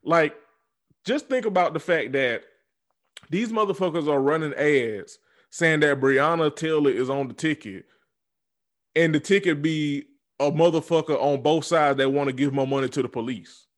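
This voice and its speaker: A man in his twenties speaking in a casual political rant, blunt and profane, dropping to low mutters and jumping to loud laughing outbursts. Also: normal speed. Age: 20s. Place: southern United States.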